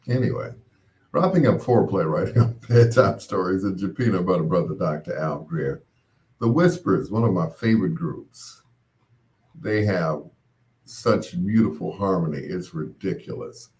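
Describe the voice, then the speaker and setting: Man, radio host, unhurried delivery, lowish voice, wry storytelling. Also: animated, darkish tone. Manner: laid-back storytelling with wry asides. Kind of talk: late-night radio chat.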